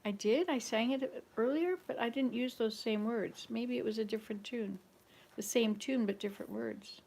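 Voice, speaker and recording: A woman's voice: fairly high pitch, moderate pace, creaky, a little mellow. A woman at her rural home, chatting casually and humming old folk tunes to herself in a rambling way. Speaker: vlogger.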